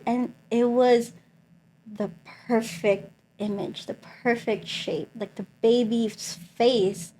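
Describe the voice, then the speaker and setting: A young woman sharing a personal faith testimony in an interview, telling her story in an animated way, acting out the voices of the people she quotes and saying "like" a lot. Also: a little high, slow pace.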